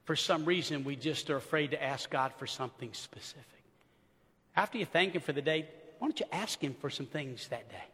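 A middle-aged man preaching a sermon as pastor, swinging from hushed murmurs to shouted emphasis and acting out the people in his stories. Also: a little high, a little fast, breathy edge. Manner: animated storyteller acting out quoted speech. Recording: long reverb of a large church hall.

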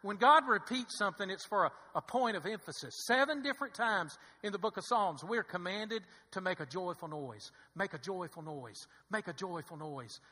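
High, bright-voiced preacher man. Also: animated, moderate pace, few pauses, slightly rough. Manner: emphatic, repetitive preaching with call-and-response "amen"; swings between loud exhortation and low, hushed intensity. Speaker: pastor. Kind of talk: sermon. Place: church sanctuary. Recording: reverberant hall.

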